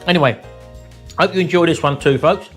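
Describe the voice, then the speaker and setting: Middle-aged man, home cooking vlog host, enthusiastic and folksy, higher-pitched, faint backing music. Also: fairly quick. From England. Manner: chatty, enthusiastic, keeps addressing viewers as folks. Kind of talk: casual cooking vlog chat. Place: home kitchen.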